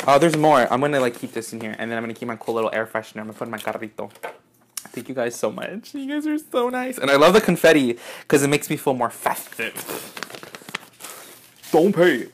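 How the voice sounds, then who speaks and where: An excitable young man in his twenties, talking through a casual unboxing vlog at home. His voice sits in a middle pitch, drops lower and quieter for asides, and shoots into high squeals when he's delighted. He swears freely. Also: fast, a little hiss or hum. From United States. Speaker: YouTuber opening fan mail. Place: indoors at home, apartment.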